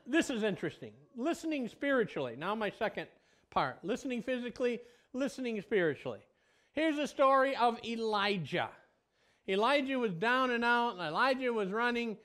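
A man preaching a sermon as a pastor. He swings between loud exclamations and a hushed, low voice. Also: big pitch swings, normal speed.

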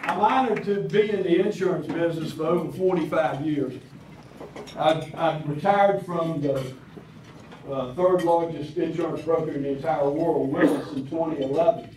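A man's voice: a little high, moderate pace, crowd noise, noisy background. A man in his sixties with a Southern American accent, giving a folksy public speech with hesitant fillers at a breakfast event. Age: 60s. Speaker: county commissioner speaking at a public event. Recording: echoey hall, picked up from a distance. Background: clinking cutlery and dishes.

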